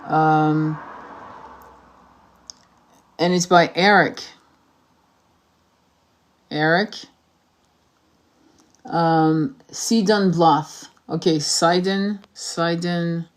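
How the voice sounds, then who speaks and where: A woman's voice: lowish voice, steady tone, drawn-out words, pauses often. A woman hosting a casual livestream, talking while searching online, distracted and swearing, with many restarts. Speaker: tarot reader livestream host.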